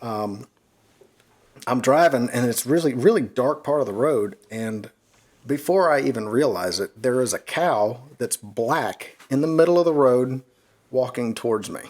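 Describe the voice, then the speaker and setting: A man in casual podcast chat, telling a long story with lively energy. He swears freely and laughs at his own bad luck. His voice sits in an ordinary middle pitch. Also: measured pace. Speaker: podcast co-host.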